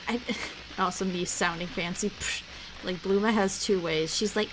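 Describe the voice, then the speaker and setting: A young woman chatting casually while watching a movie with her viewers, full of "like" and quick laughs. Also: medium pitch, fairly even intonation, background noise. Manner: chatty, lots of "like", frequent laughs. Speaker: streamer hosting a watch-along. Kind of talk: casual chat.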